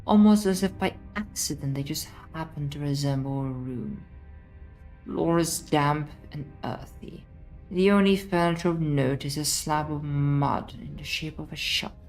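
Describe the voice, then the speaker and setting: A woman's voice: deep voice, a little mellow, poor audio. A woman voicing a stern narrator who commands the listener to slay a princess. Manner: commanding, insistent. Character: stern female narrator urging a princess slaying. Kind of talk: reading a game aloud.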